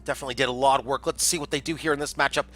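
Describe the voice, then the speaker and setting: A man's voice: mid-range voice, steady tone, racing, a bit bright, soft background music. A man casting a community game tournament on a livestream, chatty and jokey, reading out chat messages. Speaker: tournament caster.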